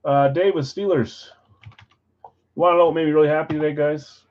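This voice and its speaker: A man's voice: a little high, steady tone, moderate pace, lo-fi sound. A man hosting a live card break stream, reading off names and teams with chatty asides.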